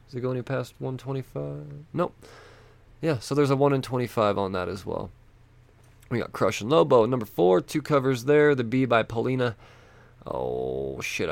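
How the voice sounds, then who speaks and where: A man's voice: mid-range voice, vocal fry, a little mellow, no echo. A man chatting casually about new releases, rambling and loosely profane, thinking aloud as he goes. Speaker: comic book vlogger. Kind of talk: casual chat.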